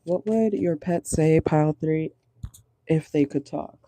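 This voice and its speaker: A chatty man runs a casual tarot reading, talking in a dark, mellow voice that sits a little high for a man. He sounds amused throughout, and his voice is close and dry, recorded in a car. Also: measured pace, dry recording. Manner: chatty and amused, laughs often. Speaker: tarot reader. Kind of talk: casual pick-a-card reading.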